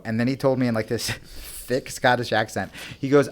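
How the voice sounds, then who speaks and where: A man's voice: mid-range voice, fairly quick. A young adult man from the United States, a comedian guest telling rambling, profane stories full of fillers in casual chat. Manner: rambling, profane, animated anecdotes with many fillers.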